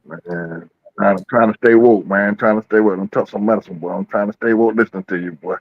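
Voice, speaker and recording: A man's voice: on the low side, steady tone, fairly quick, narrow, tinny audio. A man calling into a live show, talking in a laid-back drawl. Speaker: caller on live chat.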